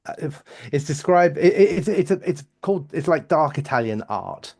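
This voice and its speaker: A man's voice: a little high, expressive, moderate pace, a little mellow, slightly rough. A man co-hosting a music reaction show, explaining an album in casual, rambling talk, often restarting as he hunts for words. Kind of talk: casual chat.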